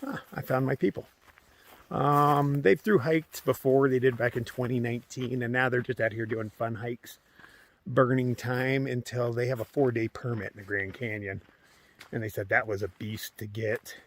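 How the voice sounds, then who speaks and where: A man's voice: mid-range voice, steady tone, moderate pace. A man vlogging casually outdoors on a long trail hike, chatting in a rambling way and sometimes dropping to a whisper. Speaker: thru-hiker vlogger.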